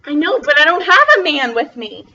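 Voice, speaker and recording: A young woman teaching a first grade class over a video call, slowly spelling out words in a bubbly, encouraging way. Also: high voice, sing-song, pushed and bright, dull audio. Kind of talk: online class lesson.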